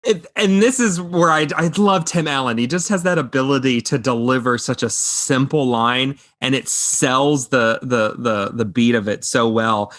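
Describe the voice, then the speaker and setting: A man's voice: medium pitch, normal speed, few pauses, fairly bright tone, no echo, clean studio sound. A man co-hosting a casual movie podcast, eagerly quoting favorite film lines. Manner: enthusiastic, quotes film lines. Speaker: podcast co-host. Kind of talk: casual movie review chat.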